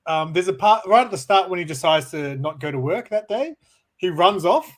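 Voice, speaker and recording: A man with a notably high voice chats about things he loves with real enthusiasm. He tells stories eagerly and laughs easily. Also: animated, moderate pace. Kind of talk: casual chat.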